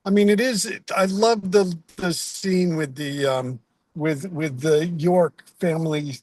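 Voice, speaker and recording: A man hosts a reading group over a video call, wrapping up with casual, rambling chat in which he laughs and keeps restarting sentences. His voice is a little high, a little slow, and darkish in tone. The recording is dry.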